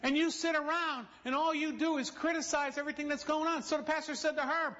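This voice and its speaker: A man preaches a sermon in church in a very high, bright, forceful voice, talking fast with few pauses and a steady tone. He tells stories, appeals directly to the congregation, and adds humorous asides, captured on a dull lo-fi recording.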